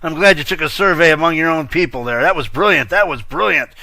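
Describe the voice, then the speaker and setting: A man's voice: fairly high pitch, quick pace, vocal fry, bright, forceful tone, dry recording. A man hosting a casual online news show, hyped and slangy, laughing often and trailing off mid-thought. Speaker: host of a virtual-world news show.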